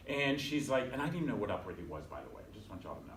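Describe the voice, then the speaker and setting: A man's voice: medium pitch, big pitch swings, fast talker, few pauses, sharp tone, slight background noise. Chatty man speaking in an echoey room. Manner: chatty, self-deprecating, acts out quoted voices. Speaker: guest speaker. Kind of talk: storytelling talk to a class. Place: conference room at a bank, from a distance. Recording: echoey room, distant mic.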